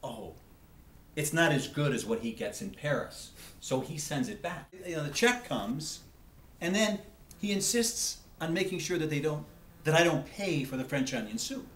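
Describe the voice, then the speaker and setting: A man's voice: fairly high pitch, lively intonation, moderate pace, a bit bright. Stammering, self-pitying man in an echoey room. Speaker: therapy group member. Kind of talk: improvised comedy sketch.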